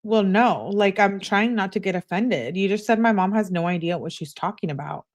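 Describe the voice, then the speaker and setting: A woman's voice: medium pitch, moderate pace, lightly acted. A woman reading aloud the defensive, explaining text messages of a young man to his girlfriend.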